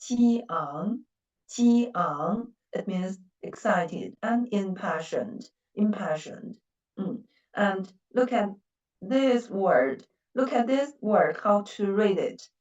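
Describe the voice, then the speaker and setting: A woman's voice: mid-range voice, lively intonation, slow pace, darkish tone, echoey room, distant mic, muffled recording. A woman with a Chinese accent and Mandarin as her first language, teaching a language lesson patiently and repeating words with stressed syllables.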